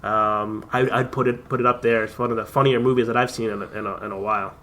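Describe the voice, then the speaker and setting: A man reviewing a movie in casual chat on a talk show, rambling and excited, with lots of fillers and restarts. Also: fairly low pitch, quick pace.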